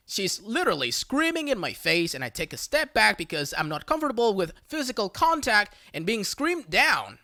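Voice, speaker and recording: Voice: medium pitch, sing-song, normal speed, few pauses, pushed and bright, dry recording, studio quality. A text-to-speech voice reading online stories aloud, spelling out abbreviations letter by letter. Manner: synthetic, reads abbreviations letter by letter. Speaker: narrator.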